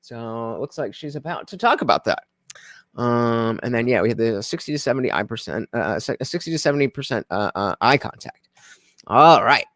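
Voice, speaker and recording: A man streaming his reaction to a podcast, talking casually and rambling through plenty of fillers. His pitch rises and falls with a lot of life as he reads viewer comments. The sound is dry and close, with no room echo. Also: lively intonation, a little fast, fairly bright tone.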